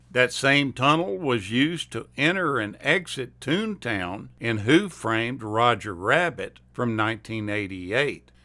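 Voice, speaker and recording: A man narrating movie trivia as the host, reading a script in an unhurried, steady way. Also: mid-range voice.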